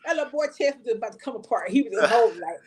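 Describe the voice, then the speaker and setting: A woman guest in a casual chat, a lively storyteller given to playful exclamations. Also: on the high side, very fast, noisy background.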